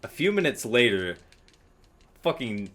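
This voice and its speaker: A man's voice: medium pitch, sing-song, a little slow, a bit bright. A young man casually telling a long rambling story while playing a game, with lots of fillers and swearing.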